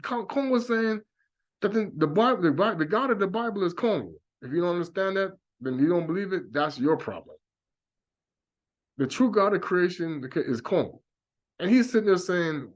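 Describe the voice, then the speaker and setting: A man with a fairly high voice preaches in an impassioned religious monologue. He speaks emphatically, leans hard on his warnings and circles back to them again and again. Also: animated, measured pace, pauses often.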